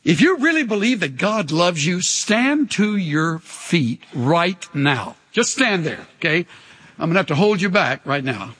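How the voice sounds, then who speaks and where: Older male pastor, sermon and altar call; husky, slow delivery with soaring, animated pitch; reverberant sanctuary. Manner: impassioned, leads call-and-response. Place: church sanctuary.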